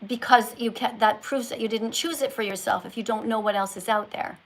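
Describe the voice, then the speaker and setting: A woman's voice: fairly high pitch, fairly even intonation, a little fast, rough recording. A woman hosting a livestream with callers, lecturing in a preachy, scolding teacher tone. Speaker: livestream host.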